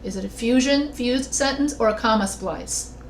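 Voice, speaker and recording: A woman with a fairly high voice teaches a writing class over a video call. She works through the points step by step and stops to put questions to her students. The sound is roomy and carries a faint hiss. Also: moderate pace. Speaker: writing instructor. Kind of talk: online class lecture. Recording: roomy echo with faint noise.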